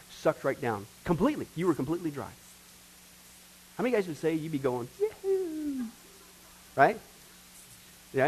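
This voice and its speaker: A man preaching a sermon to his congregation, acting out voices and swinging between loud outbursts and hushed lines. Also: on the high side, slightly rough, rough recording. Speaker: pastor.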